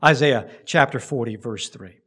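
A man preaching a sermon, emphatic, rising loud and dropping low to stress his points. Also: normal speed, breathy edge. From United States. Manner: emphatic preaching with big swings in loudness. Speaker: pastor.

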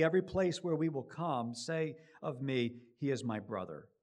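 A middle-aged man preaching a sermon, building to loud emphatic rises and then dropping low and quiet. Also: animated, normal speed.

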